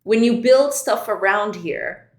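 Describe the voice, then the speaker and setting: A woman's voice: medium pitch, slow pace, echoey room. A woman streaming her game development, chatting casually with frequent giggles and restarts. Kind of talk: casual live-stream chat.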